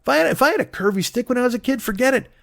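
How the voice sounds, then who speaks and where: Man, comedian host, profane riffing monologue, lively pitch, dry close sound. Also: racing, vocal fry, no room sound.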